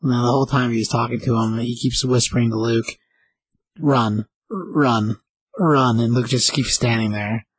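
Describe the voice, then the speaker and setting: A man with a husky, mid-pitched voice drops short agreements and side comments into the chat. His sound is close and dry. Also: steady tone, unhurried, dry recording, rough recording. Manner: chimes in with short agreements and asides. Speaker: podcast co-host. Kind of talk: casual chat.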